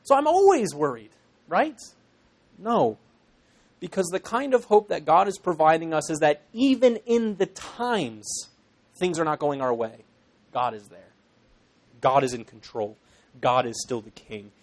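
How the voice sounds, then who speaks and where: A man's voice: on the high side, animated, measured pace, pauses often. A young Irish man in his twenties, a pastor in training, preaching a sermon to a congregation in an earnest, emphatic way with self-deprecating asides.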